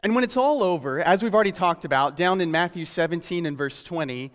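Earnest male preacher, slightly high voice, slows for emphasis; sermon taped in a reverberant hall. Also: expressive, a bit bright.

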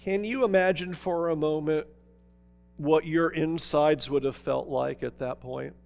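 A man with a notably high voice delivers a sermon. He tells the story dramatically, pressing some points hard and dropping to a near-hush on others. His voice carries the long reverb of a large hall. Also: steady tone, a little slow, vocal fry. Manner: dramatic storytelling, swinging from emphatic to hushed. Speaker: preacher.

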